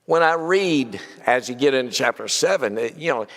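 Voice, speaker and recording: A man's voice: medium pitch, lively intonation, normal speed, fairly bright tone. A man preaching a conversational Bible class in a church, asking many rhetorical questions and often saying "you know". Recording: long hall reverb.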